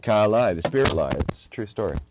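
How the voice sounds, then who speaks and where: A man's voice: fairly low pitch, expressive, fast talker, noisy background. A man, hosting a radio show, rambling through wordplay with frequent laughter and profanity. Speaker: radio host. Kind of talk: rambling monologue. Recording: dry, phone-like line.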